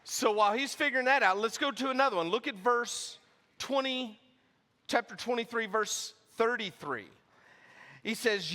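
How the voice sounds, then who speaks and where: A man's voice: very high voice, moderate pace, pushed and bright, long reverb tail. A man preaching a sermon as pastor, casual and conversational as he reads and explains scripture. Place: church sanctuary.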